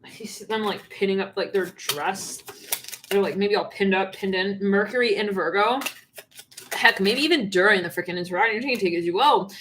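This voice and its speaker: A woman's voice: medium pitch, a little fast, noisy background. A woman giving a channeled tarot reading on a livestream, rambling and laughing often. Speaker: tarot reader.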